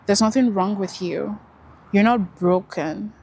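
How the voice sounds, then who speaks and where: A woman's voice: medium pitch, unhurried, a little mellow, slight background noise. A young woman talking earnestly to her camera, reflecting on life and encouraging herself and her viewers. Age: young adult. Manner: earnest, self-encouraging, drawls words out. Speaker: vlogger. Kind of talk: casual reflective monologue.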